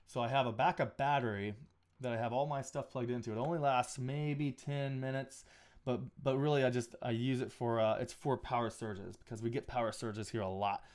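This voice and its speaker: A man's voice: medium pitch, fairly even intonation, fairly quick, a little mellow. A man talking casually on a live stream while he edits photos, thinking aloud with frequent restarts and small asides. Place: home photo studio.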